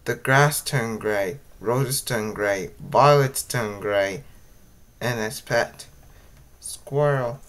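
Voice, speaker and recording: A man reading out a homemade story, halting and stumbling over his words. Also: medium pitch, a bit bright.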